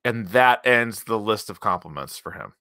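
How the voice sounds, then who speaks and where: A man's voice: lowish voice, expressive, normal speed, sharp tone, clear, resonant tone, dry recording, studio quality. A man hosting a podcast, chatting loosely about movies with plenty of fillers and emphatic asides. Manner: rambling, filler-heavy, emphatic. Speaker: podcast host reviewing movies. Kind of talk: casual chat.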